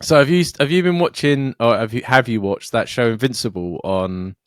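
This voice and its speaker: A man's voice: mid-range voice, moderate pace, dry recording. A young man co-hosting a podcast, ranting and joking with plenty of swearing. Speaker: podcast co-host. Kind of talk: casual chat.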